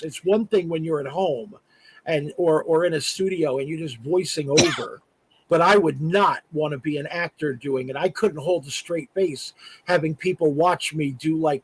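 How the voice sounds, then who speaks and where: A man's voice: a little high, a little hiss or hum, poor audio. A man who works as an artist and voice actor, chatting casually as a guest on a live stream, full of "uh" fillers and restarts. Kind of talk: casual interview chat. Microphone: remote live stream call.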